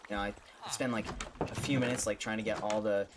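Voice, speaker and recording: A man who streams, telling a jokey story in a casual, animated way, stumbling over restarts and acting out the voices in his story. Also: fairly low pitch, quick pace, heavy background noise. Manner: animated, jokey, with stammered restarts and acted-out quotes.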